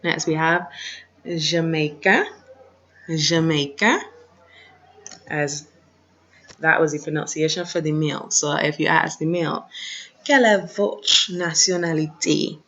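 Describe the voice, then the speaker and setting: A woman teacher, patiently running an online French lesson and repeating words slowly, recorded on a computer mic. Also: sits low, fairly bright tone, lo-fi sound, a little hiss or hum. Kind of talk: online lesson over shared slides.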